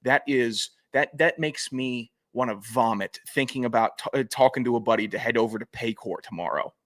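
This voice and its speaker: A man co-hosting a casual football podcast, blunt and joking, who rants quickly about what he dislikes. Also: mid-range voice, a bit bright. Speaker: podcast co-host. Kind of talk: casual sports chat.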